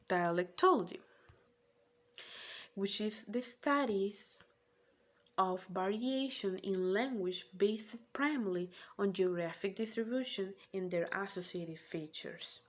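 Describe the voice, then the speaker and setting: Measured woman. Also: mid-range voice. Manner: careful, measured explaining with "eh" fillers. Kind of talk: spoken class presentation.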